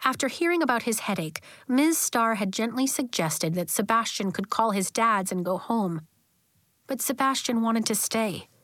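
A woman narrating a children's novel as an audiobook in a gentle, even storytelling manner. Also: a little high, normal speed, no echo, studio quality.

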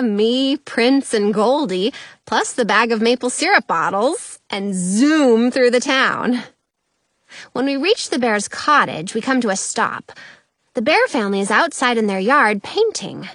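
A woman reading a children's story aloud in an expressive, deliberate way. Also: a little high, dry recording, clean studio sound.

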